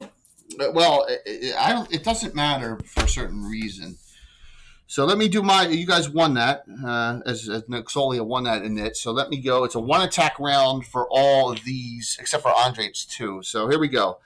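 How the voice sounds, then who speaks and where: A man running a tabletop game as game master, chatty and loose, with quick rules asides. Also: medium pitch, expressive, fairly bright tone, a little hiss or hum, low-quality recording.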